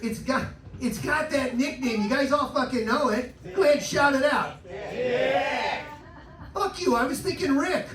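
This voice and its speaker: High-voiced crude stand-up comic, roomy club. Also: male voice, unhurried, long pauses. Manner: crude, self-deprecating, loose crowd work. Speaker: stand-up comedian. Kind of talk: stand-up set. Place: live cabaret stage with audience. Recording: roomy live club recording from a distance, noisy.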